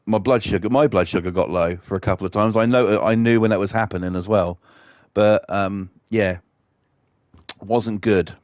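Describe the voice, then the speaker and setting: A man's voice: lowish voice, fairly even intonation, moderate pace, darkish tone, no echo, dull audio. A British man chatting casually on his live stream, rambling and swearing a lot.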